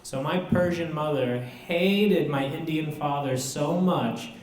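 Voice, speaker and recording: A young man from Southern California doing deadpan, self-deprecating stand-up comedy at a college student center, with filler pauses. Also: fairly high pitch, slight background noise. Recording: echoey room.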